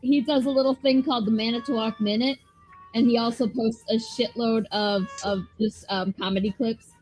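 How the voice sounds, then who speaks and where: A woman's voice: on the high side, steady tone, normal speed, darkish tone, faint music behind, rough recording. A woman chatting casually on a livestream, teasing and laughing often. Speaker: comic creator.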